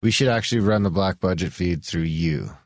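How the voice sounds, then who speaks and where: A man hosts a podcast in a casual chat, rambling, swearing often, and restarting a lot. His low-pitched voice moves a little fast, and the recording is dry, with clean studio sound.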